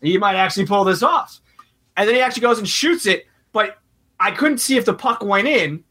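A man with a slightly high, bright and sharp voice talks in casual podcast chat. He is animated and jumps from point to point as he goes. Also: brisk. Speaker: podcast co-host.

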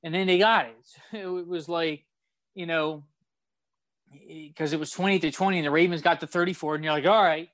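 A young man co-hosting a sports podcast, animated and fast-flowing as he retells a game and acts out his own shouting at the TV. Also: fairly high pitch, dry recording. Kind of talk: casual sports talk.

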